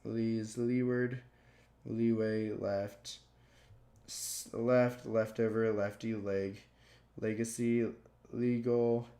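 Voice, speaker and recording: A man slowly reading dictionary words aloud one by one, stumbling and restarting now and then. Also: on the low side, flat delivery, dark tone. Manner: slow, plodding word-by-word reading with stumbles. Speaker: gaming youtuber.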